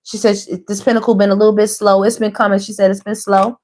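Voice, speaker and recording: Chatty and full of energy, a middle-aged woman gives tarot readings, laughs a lot, and calls her listeners baby and girl. She speaks quickly at a medium pitch, with slight background noise.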